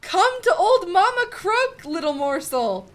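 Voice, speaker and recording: A woman voicing a big, bossy mother toad in a video game, loud and grand, croaking between her phrases. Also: very high voice, very animated, slow pace, a little hiss or hum, pitched above the performer's own voice, full character voice. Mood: menacing.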